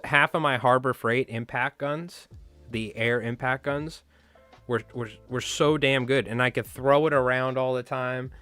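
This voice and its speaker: A man's voice: medium pitch, sharp tone, clear, resonant tone. A man hosting a casual fly tying livestream who chats with viewers, rambles from one story to the next and swears freely.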